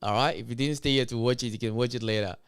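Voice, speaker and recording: Guy doing a blunt sweary stream rant, loud emphatic delivery. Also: mid-range voice, steady tone, fast talker, smooth. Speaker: commentary streamer.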